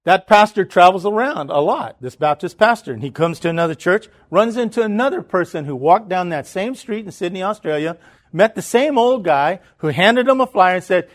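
A man preaching, telling a story in an animated way, often restarting and repeating words. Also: high-pitched, moderate pace. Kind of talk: sermon storytelling.

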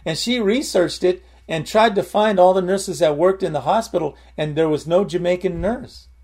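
A man's voice: sits high, moderate pace, a little mellow. Rambling man preaching informally. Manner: rambling, repeats words while storytelling.

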